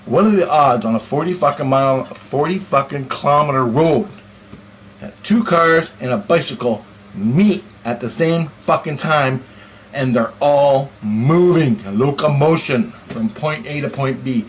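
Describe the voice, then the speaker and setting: Man, profane rambling vlog rant, swears nonstop, animated storyteller, faint background hiss. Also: mid-range voice, unhurried. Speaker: vlogger.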